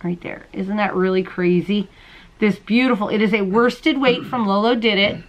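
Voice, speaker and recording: Woman podcast host, casual and gushing, mid-pitched, faint background hiss, home recording. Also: fairly even intonation, normal speed, rough recording. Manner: bubbly, chatty, gushes over small things. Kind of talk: casual chat showing mail and gifts on camera. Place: home, late at night. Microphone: camera she handles while showing items.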